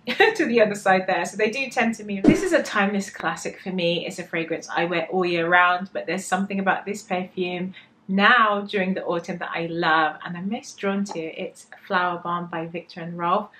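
A woman's voice: medium pitch, a bit bright. English woman gushing about perfumes. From England. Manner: enthusiastic, gushing with sensory detail. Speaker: perfume vlogger. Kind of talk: product review vlog.

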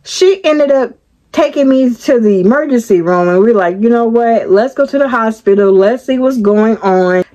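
Animated woman telling a story. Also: a little high, moderate pace, muffled recording. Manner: animated, talks straight to viewers. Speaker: vlogger. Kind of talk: storytime vlog.

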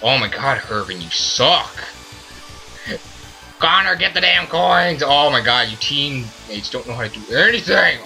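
A man playing a video game and commenting, ranting loudly at his teammates in a put-on silly voice. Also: mid-range voice, lively intonation, unhurried, gravelly. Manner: loud, frustrated ranting at teammates. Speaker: let's play gamer. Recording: faint game music behind. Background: game music.

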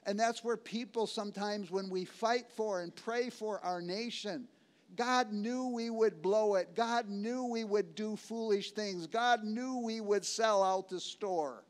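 Pastor, male, high voice, emphatic repeating sermon delivery. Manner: slows for key words, swings between loud and hushed.

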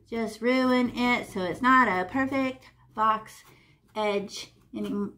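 A woman leading a painting lesson for children, chatty and animated, narrating her brushstrokes with sound effects and sing-song noises. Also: a little high, slow pace. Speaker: art teacher.

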